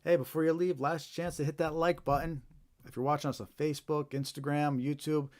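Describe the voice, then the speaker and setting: A man's voice: a little high, flat delivery, brisk, a little mellow. A man hosting a live stream, reading viewer reports aloud in an informal way, with fillers and restarts. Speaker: host.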